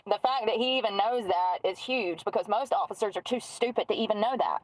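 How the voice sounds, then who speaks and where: A woman's voice: medium pitch, a little fast, rough recording. A woman chatting casually while doing her makeup, musing aloud and trailing off mid-sentence. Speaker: streamer.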